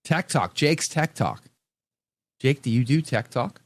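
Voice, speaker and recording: A man's voice: mid-range voice, animated, unhurried, no room sound. A man hosting a show, chatting casually and reading viewer comments with playful, mock-indignant rants. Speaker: show host.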